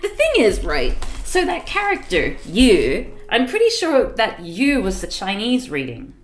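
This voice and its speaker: Animated woman streamer with wry asides. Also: mid-range voice, a little slow. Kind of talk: live game stream, reading aloud and chatting.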